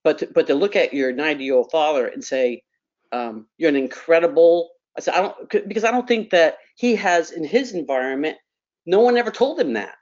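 Animated middle-aged woman telling a story. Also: sits low, brisk, muffled recording. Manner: animated storyteller, repeats words, acts out quotes. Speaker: panel guest. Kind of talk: storytelling on a radio talk panel.

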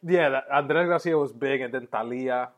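A man in a casual podcast chat, telling stories at an easy pace. His voice sits in an average pitch. He slips Spanish phrases into his talk. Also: moderate pace, crowd noise. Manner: relaxed storytelling, mixes in Spanish phrases. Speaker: podcast co-host.

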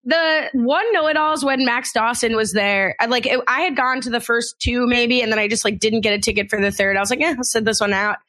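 Woman podcast co-host, bright and forward, wry and combative in a playful way. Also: a little high, steady tone, a little fast, few pauses. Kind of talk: casual podcast chat.

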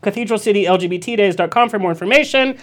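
A man's voice: sits high, quick pace, fairly bright tone. A man hosting a live radio show, reading plugs in a campy, joking way.

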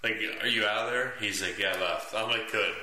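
A man's voice: on the low side, steady tone, fairly quick, pushed and bright. Rambling young man in an echoey room. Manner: rambling, laughing, filler-heavy. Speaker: podcast guest. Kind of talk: drunk storytelling chat. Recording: echoey room with faint noise.

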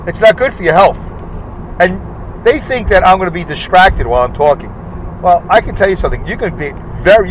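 Middle-aged guy griping on his podcast, kinda high voice, faint road hum behind. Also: low-quality recording. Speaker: podcast host. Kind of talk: casual solo podcast rant.

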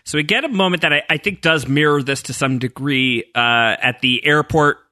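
A man co-hosting a casual TV recap podcast, lively and laughing often, acting out character quotes. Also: fairly high pitch, moderate pace, no echo, clean studio sound. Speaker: podcast co-host.

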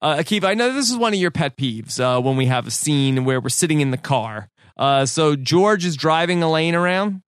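A man's voice: on the high side, expressive, a little fast, hardly any pauses, clean tone, no echo, studio quality. A man co-hosting a casual podcast chat, recapping scenes and quoting lines with frequent "like" fillers. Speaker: podcast co-host.

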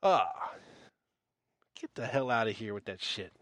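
A man's voice: fairly low pitch, fast, a bit bright, no room sound. A man hosting a podcast, delivering a blunt, scornful rant full of profanity. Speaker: podcast host. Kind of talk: ranting monologue.

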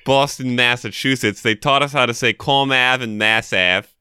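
A man's voice: medium pitch, moderate pace, bright, forceful tone, smooth, dry recording, clean studio sound. A man co-hosting a fantasy football podcast, chatting in a laid-back way and laughing easily. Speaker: podcast co-host. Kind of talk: casual sports chat.

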